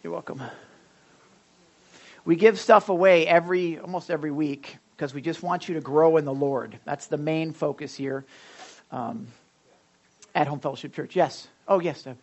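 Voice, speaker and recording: Chatty pastor making church announcements. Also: male voice, a little high, moderate pace, pauses often, muffled recording. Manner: chatty, rambling, self-deprecating, frequent fillers. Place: church sanctuary during a service.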